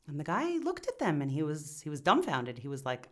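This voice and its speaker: A woman storyteller narrating a folk tale in a lively, animated way. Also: mid-range voice, normal speed, hardly any pauses. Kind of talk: oral storytelling.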